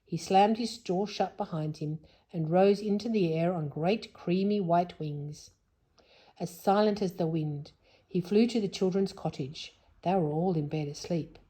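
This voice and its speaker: A woman's voice: on the low side, measured pace, warm tone, slightly rough. A woman reading a children's storybook aloud, stopping now and then to explain things to a young listener in a whisper. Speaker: storybook reader.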